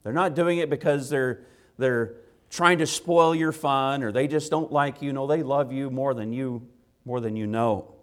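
A man, a father, preaching a sermon to children, swinging from loud impassioned rises to quiet earnest asides. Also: medium pitch, measured pace. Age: adult with children. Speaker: pastor.

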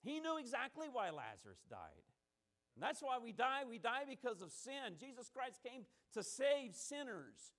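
A man with a notably high voice preaches a sermon. He stacks repeated phrases and draws out the key words as his emphasis rises. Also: very animated, normal speed, a bit bright.

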